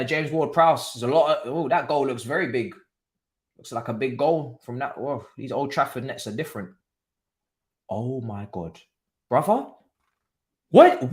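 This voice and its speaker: A man streaming a live football watchalong, talking excitedly in slang and thinking aloud. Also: fairly high pitch.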